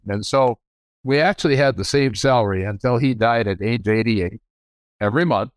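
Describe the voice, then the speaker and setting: A man's voice: medium pitch, measured pace, long pauses, no room sound, studio quality. Older man telling candid stories. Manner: rambling, self-correcting, frank. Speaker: guest, business owner. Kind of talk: candid storytelling.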